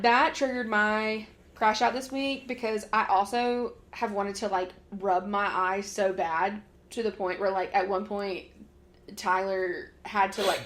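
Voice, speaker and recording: A woman's voice: mid-range voice, fairly bright tone. A woman co-hosting a casual podcast chat, talking loosely with lots of "like" and frequent laughter. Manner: chatty, laughs often, lots of "like". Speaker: podcast co-host.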